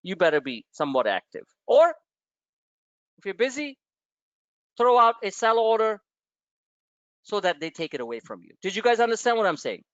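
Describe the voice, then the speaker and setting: A man's voice: high voice, normal speed, long pauses, no room sound, lo-fi sound. A man hosting a live stock-trading webinar, talking casually with profane asides and rambling stories. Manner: animated, profane, tangents into personal stories.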